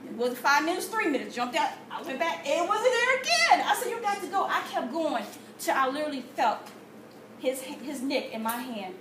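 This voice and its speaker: Woman with a high voice sharing an animated testimony, recorded from far off in a roomy space. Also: moderate pace. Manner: animated storytelling with gasps and quoted prayers. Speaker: testimony speaker. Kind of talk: church testimony. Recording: echoey room from far off with noise.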